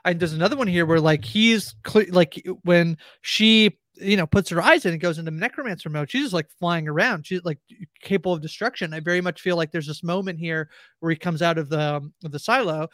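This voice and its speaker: Male co-host, relaxed halting chat, dry close sound. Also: a little high, dry recording. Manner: hesitant, filler-heavy, easygoing. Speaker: podcast co-host. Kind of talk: casual recap chat.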